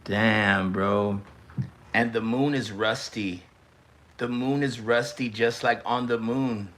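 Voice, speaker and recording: A young man hosting a live stream, teasing and reacting in a loose, excitable way. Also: lowish voice, slow pace. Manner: excitable, teasing, shouts and stretches words at big moments. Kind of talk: casual live-stream commentary.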